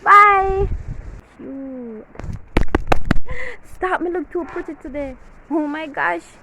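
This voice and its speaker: A woman's voice: high voice, steady tone, moderate pace, vocal fry. A young woman with a Jamaican accent, ranting animatedly in heavy patois about her pet peeves in a casual vlog. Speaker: vlogger. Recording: slightly dull lo-fi audio with faint hiss.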